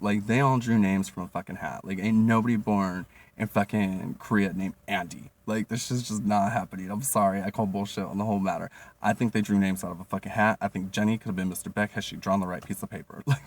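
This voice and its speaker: A young man telling a storytime monologue as a vlogger, animated and profane, with frequent laughs and filler words. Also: fairly low pitch, recorded from a distance.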